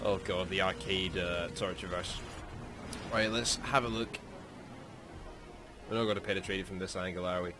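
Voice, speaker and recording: A man with a Scottish accent giving casual, excitable commentary over gameplay as a gaming YouTuber. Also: deep voice, normal speed, long pauses, heavy background noise. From Scotland. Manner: excitable, exclaims often.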